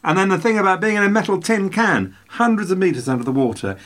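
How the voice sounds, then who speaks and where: A man's voice: high voice, animated, fast, fairly bright tone. A man co-hosting a podcast, chatting casually and rambling through jokey, self-mocking anecdotes. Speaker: podcast co-host.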